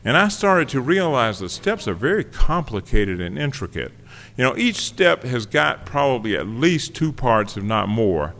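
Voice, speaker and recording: A man's voice: medium pitch, very animated, moderate pace, fairly bright tone. A man sharing his recovery story with an audience, conversational, wry and self-deprecating. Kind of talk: personal testimony to a live audience. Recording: long reverb of a hall.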